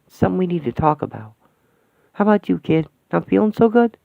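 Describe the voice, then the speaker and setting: A man's voice: high voice, sing-song, fast talker, vocal fry, no room sound, pitched above the performer's own voice, full character voice. A man voicing a brash, blunt, sarcastic older woman in a radio play. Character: brash loud-mouthed older woman companion. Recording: thin phone-like, dry sound.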